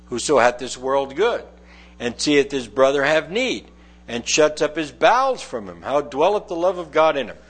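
A middle-aged man with a higher, sing-song voice preaches at a normal speed. His sermon is conversational Bible teaching, reading scripture aloud and explaining it verse by verse.

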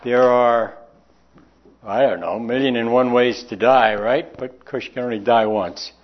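A man preaching a sermon in a folksy, conversational way, slowing down to stress key words. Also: medium pitch, fairly even intonation. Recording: dull lo-fi recording.

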